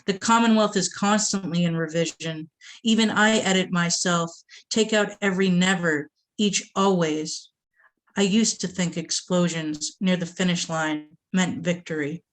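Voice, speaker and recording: Woman from boston reading her poems real slow, low-ish voice. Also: steady tone. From Boston area. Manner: slow, measured delivery with asides to the audience. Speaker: poet reading her work. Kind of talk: poetry reading. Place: reading event before an audience.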